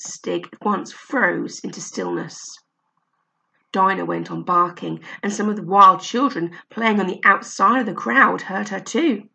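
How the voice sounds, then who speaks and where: A woman reading a children's story aloud in a steady, expressive way. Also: medium pitch, gravelly. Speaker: narrator.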